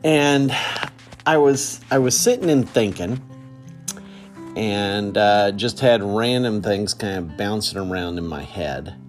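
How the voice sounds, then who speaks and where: A middle-aged man, hosting a casual solo podcast in a relaxed, rambling way with many fillers. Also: on the low side, slow pace, soft background music. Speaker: podcast host.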